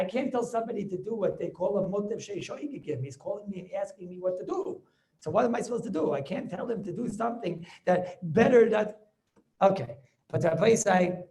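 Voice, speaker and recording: A man teaching a Torah class over a video call, animated and argumentative, firing rhetorical questions. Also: high voice, gravelly. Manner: animated, argumentative, rhetorical questions, Yiddish-laced yeshiva English. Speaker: rabbi teaching a Talmud class.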